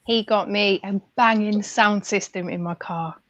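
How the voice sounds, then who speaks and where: A woman chatting on a group video call, bubbly and quick to laugh. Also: mid-range voice, fairly even intonation, no echo. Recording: dull, dry video call audio.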